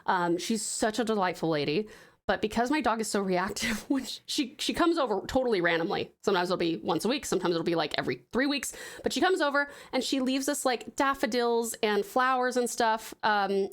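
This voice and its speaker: A woman's voice: fairly high pitch, animated, fairly quick. A young Australian woman from Tasmania streaming a game, chatting casually and giggling, calling her viewers pet names. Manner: bubbly, giggly, greets chat with pet names. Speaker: VTuber streamer. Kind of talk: casual live-stream chat while gaming. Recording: game music playing under the voice.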